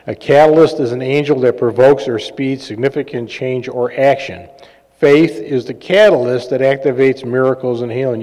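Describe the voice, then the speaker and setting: Relaxed male preacher in a hall. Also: mid-range voice. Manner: conversational, jokey, fillers and self-laughs. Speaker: pastor and healing minister. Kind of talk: sermon with personal stories. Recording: long reverb of a large hall.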